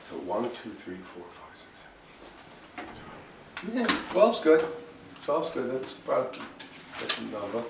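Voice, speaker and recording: A man's voice: mid-range voice, sing-song, takes it slowly, vocal fry, long pauses. A man teaching a cooking class to students, repeating himself and restarting his sentences, with the odd bold exclamation. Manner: repetitive, restarts often, switches to bold exclamations. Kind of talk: classroom lecture. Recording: echoey classroom, distant mic, faint hiss.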